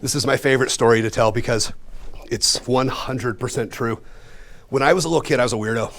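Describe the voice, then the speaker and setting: Colorado magician guy in his 50s spinning a funny story for a room full of people, animated and self-mocking. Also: mid-range voice, fairly quick, gravelly. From Colorado, USA. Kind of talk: comic storytelling to a live audience. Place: room with a live audience.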